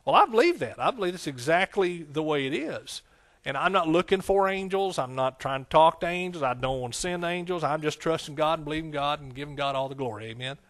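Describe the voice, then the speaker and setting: A man's voice: a little high, animated, brisk, fairly bright tone. A man preaching a folksy, conversational sermon, with frequent amens and hallelujahs. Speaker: pastor.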